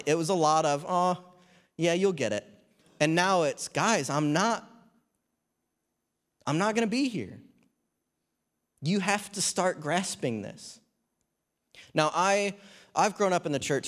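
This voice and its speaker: A man in his thirties or forties preaching a sermon in church, talking in a conversational way with humorous asides. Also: medium pitch. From New Zealand.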